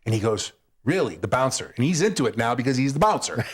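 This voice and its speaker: Speaking fast in a mid-range voice, a male comedian guest animatedly recounts a road story, playing the characters involved. The recording is very noisy.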